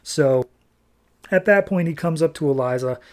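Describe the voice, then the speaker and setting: A man on a podcast casually recapping a comic book, animated and nitpicky, tossing off quick character lines as he goes. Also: fairly high pitch. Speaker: podcast host.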